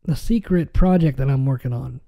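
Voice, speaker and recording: A man's voice: medium pitch, normal speed, vocal fry, lo-fi sound. A man hosting a podcast in casual chat, rambling with many fillers and restarts, his nose a little stuffy. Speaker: podcast host.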